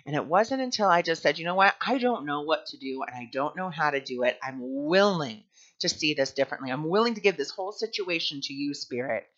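A man's voice: a little high, expressive, fairly quick, fairly bright tone. A man speaking earnestly and candidly in a spiritual teaching monologue. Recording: dull lo-fi sound.

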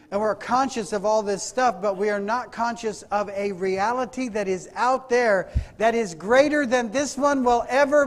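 A man preaching a sermon in a church, asking the congregation rhetorical questions and calling for amens. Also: sits high. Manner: rhetorical questions, calls for amen. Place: church sanctuary. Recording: hall reverb.

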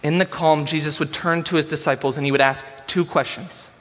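Brief: male pastor, high voice, laid-back slangy sermon in a church with long hall reverb. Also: fairly quick. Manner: casual, animated storytelling with slang.

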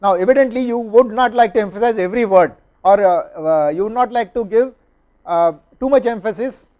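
A man's voice: sits high, brisk, darkish tone. A man, lecturing and answering questions, explaining step by step and often checking understanding with "right?" and "okay?".

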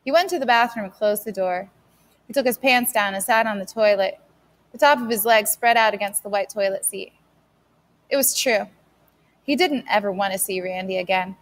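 A woman's voice: medium pitch, moderate pace. A woman steadily narrating a novel as an audiobook reader. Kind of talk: scripted narration.

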